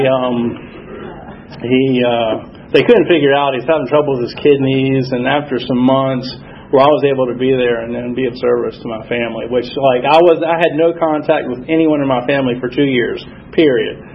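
Halting, gravelly-voiced man sharing recovery story. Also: medium pitch. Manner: halting, many fillers, reflective and earnest. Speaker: AA speaker sharing his story. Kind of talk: personal recovery talk at a meeting. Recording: dull lo-fi recording with faint noise.

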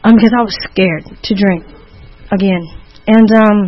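A woman's voice: medium pitch, a little slow, dull audio. A woman giving personal testimony at a recovery meeting, candid and rambling, with many restarts as she tells her story.

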